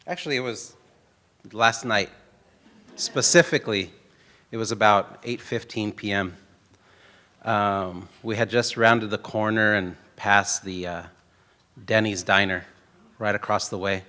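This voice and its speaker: A man's voice: lowish voice, sharp tone. Joking, rambling keynote man in a hall. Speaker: keynote speaker. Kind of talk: conference keynote talk.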